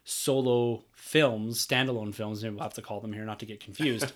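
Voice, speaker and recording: A man's voice: lowish voice, steady tone, moderate pace, a little hiss or hum. Man co-hosting a casual movie podcast. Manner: conversational, reads listener messages aloud. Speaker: podcast co-host. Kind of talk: casual chat.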